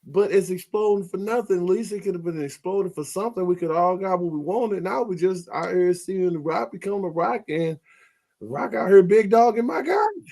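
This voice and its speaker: A man co-hosting a wrestling podcast in casual chat, emphatic and quick to exclaim. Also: high voice, expressive, vocal fry, warm tone. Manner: emphatic, exclaims and swears for stress. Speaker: podcast co-host.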